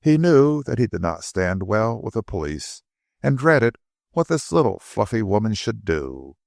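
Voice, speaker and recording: Gravelly, low-voiced male audiobook narrator. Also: sing-song, a little slow, darkish tone, no room sound, studio quality. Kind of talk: scripted narration.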